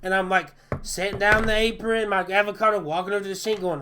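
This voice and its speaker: A man who works as a chef, telling stories in a casual podcast chat in an animated way, often repeating and restarting his words. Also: high-pitched, quick pace, background noise.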